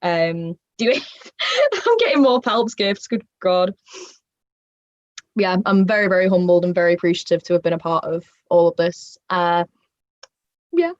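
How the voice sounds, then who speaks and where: Guesting on a livestreamed convention panel, this woman from the north of England has a lowish, animated voice at normal speed and pauses often. She chats, reads the chat, rambles bubbly and laughs a lot, over dull, dry, echo-free home audio.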